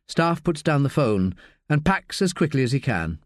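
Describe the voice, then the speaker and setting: A man narrating an audiobook in an expressive, measured storytelling manner. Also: medium pitch, no echo, studio quality.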